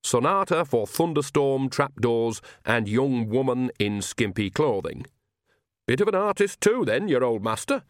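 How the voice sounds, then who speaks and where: A man voicing a brisk, nosy old country witch in a raised, chatty voice. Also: mid-range voice, sing-song, no room sound, clean studio sound. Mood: amused. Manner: bright, chatty, cheeky.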